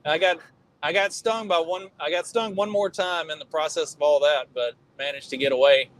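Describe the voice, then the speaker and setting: Middle-aged male podcast co-host, lively swearing storyteller, voice sits a bit high. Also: brisk, slight background noise, rough recording. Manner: animated storyteller, swearing freely. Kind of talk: casual chat.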